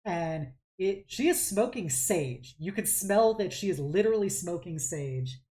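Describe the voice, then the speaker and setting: A woman with a low, mellow voice and lively intonation serves as game master for a tabletop role-play. She describes scenes slowly and hesitantly, rambling and filling gaps with fillers while she works out the details.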